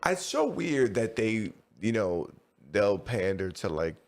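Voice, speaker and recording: A man's voice: fairly low pitch, sing-song, takes it slowly. A man co-hosting a podcast, talking in a loose, rambling way full of slang and fillers. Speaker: podcast co-host. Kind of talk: casual chat.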